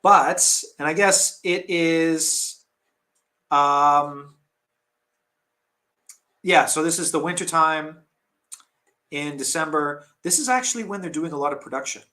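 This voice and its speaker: A man talks casually on a live stream, his voice sitting a little high for a man. He rambles and restarts, often poking fun at himself. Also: slow, long pauses, sharp tone. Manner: rambling, chatty, self-deprecating with laughs and restarts. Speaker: tea seller hosting a live stream.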